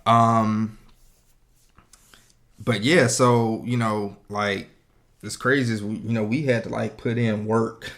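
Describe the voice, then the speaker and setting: A man's voice: on the low side, steady tone, takes it slowly, pauses often, fairly bright tone. A man co-hosting a podcast in casual chat, rambling and joking with lots of "you know" fillers. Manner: joking, laid-back. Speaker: podcast co-host.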